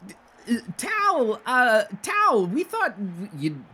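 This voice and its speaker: A woman voicing excitable young twin soldier brothers in a tabletop game, in a high gushing voice. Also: takes it slowly, breathy edge, exaggerated voice. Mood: excited.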